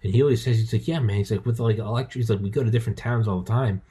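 A podcast host rambles through a story, swearing freely and jumping into loud quoted voices. His voice sits low with a husky edge. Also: racing. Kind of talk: casual chat.

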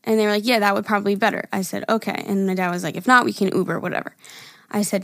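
A woman's voice: medium pitch, fairly even intonation, racing, a bit bright, no echo, studio quality. A young woman co-hosting a podcast, telling a funny family story in casual chat and reading text messages aloud between laughs. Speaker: podcast co-host.

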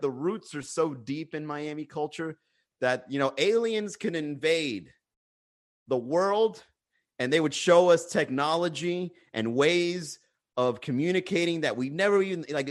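A man chatting casually on a livestream, reading the chat and joking with a lot of profanity. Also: on the high side. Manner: profane, joking, laughs often.

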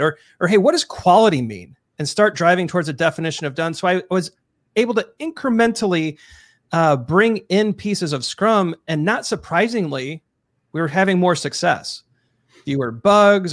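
A man's voice: on the high side, a bit bright, dry recording, studio quality. A man co-hosting a podcast in casual chat, upbeat, reading listener questions aloud. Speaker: podcast co-host.

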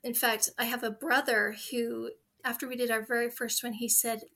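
A woman in her forties speaks as an interview guest, sharing stories in an earnest, heartfelt way. Her voice sits a little high with a very bright, clear tone. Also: level tone, moderate pace. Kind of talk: conversational interview.

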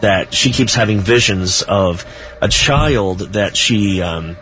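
A low-pitched man speaks as a guest on a radio show, telling his paranormal stories at an unhurried pace. Now and then he drops a small laugh. Music plays clearly under his voice. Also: fairly bright tone. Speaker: paranormal author and researcher, guest. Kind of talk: casual radio interview.

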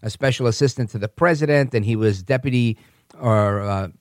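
A man hosting a political podcast, talking in a calm, conversational way and correcting himself as he goes. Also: mid-range voice, brisk, no echo, studio quality. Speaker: podcast host. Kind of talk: political commentary monologue.

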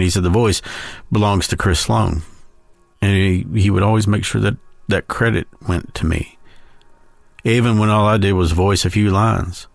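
A man hosting a podcast, telling a slow, heartfelt personal story in a storytelling tribute. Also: low voice, no room sound. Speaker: podcast host.

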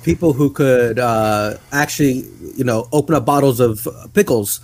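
A man's voice: medium pitch, normal speed, rough recording. A man chatting casually as a podcast guest, rambling with lots of fillers and laughs. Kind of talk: casual chat.

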